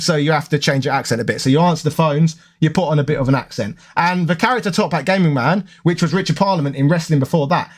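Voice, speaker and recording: A man with a London accent, chatting casually and rambling to his viewers. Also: a little high. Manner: rambling, conversational, self-correcting. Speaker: gaming YouTuber.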